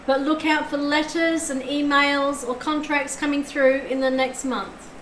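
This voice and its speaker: A woman's voice: high voice, little pitch movement, unhurried, a bit bright, echoey room, a little hiss or hum, low-quality recording. A woman streaming live tarot readings, chatting effusively and thanking her viewers as she goes.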